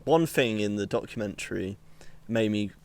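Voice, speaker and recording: A man's voice: lowish voice, normal speed, slight background noise. A young man chatting casually as a podcast co-host, rambling and laughing often at himself. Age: young adult. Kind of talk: casual chat.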